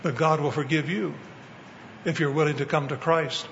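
Gravelly-voiced male preacher in a reverberant hall. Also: a little high, fairly even intonation, moderate pace, muffled recording, slight background noise. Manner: earnest preaching, direct address to the congregation. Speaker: evangelist preacher. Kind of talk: sermon. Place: church in New Mexico.

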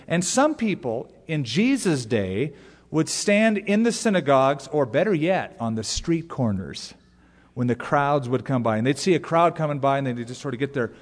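Man preaching a sermon in a reverberant hall. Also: medium pitch. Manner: animated storytelling, mimics prayer voices. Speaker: pastor.

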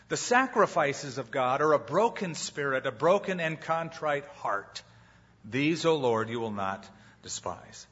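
A man's voice: medium pitch, expressive, measured pace, fairly bright tone, breathy edge. Man preaching a dramatic sermon. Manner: dramatic, acts out quoted voices. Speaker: pastor. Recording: muffled hall recording with long reverb.

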